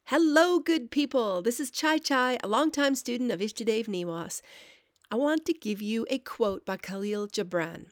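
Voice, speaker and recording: A woman, a longtime student, calmly reading a scripted introduction for a spiritual podcast. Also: a little high, moderate pace, no echo, studio quality. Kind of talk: scripted narration.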